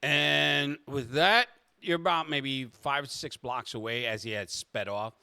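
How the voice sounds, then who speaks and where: Lively, bright-voiced male game master. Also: medium pitch, a little slow, creaky, clean tone, no room sound, studio quality. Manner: animated, laughs often. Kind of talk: narrating a tabletop game.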